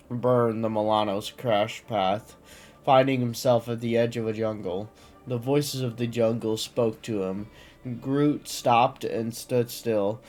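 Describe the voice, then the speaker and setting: A man reading a fantasy story aloud in an easygoing, unpolished way. His pace is slow and his pitch sits at a middling level. He trips over words and backs up to restart them. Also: darkish tone. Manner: stumbles and restarts, occasional coughs. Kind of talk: casual reading of fan lore.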